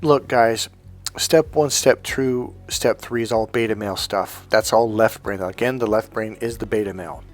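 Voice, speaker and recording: A man's voice: fairly low pitch, normal speed, soft background music. A man working as a dating coach, telling a story to camera in a blunt, casual way with heavy swearing.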